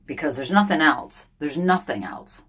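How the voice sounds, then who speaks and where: Older woman, low voice, blunt and confessional, casual vlog talk from a sauna. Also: lively intonation, normal speed, breathy edge. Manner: blunt, candid, venting, thinking out loud. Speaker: vlogger.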